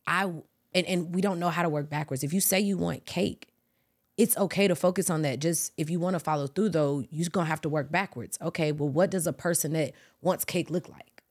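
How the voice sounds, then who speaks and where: Low-voiced woman podcast host. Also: fairly quick, breathy edge. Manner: expressive, animated, swears casually. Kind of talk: casual chat.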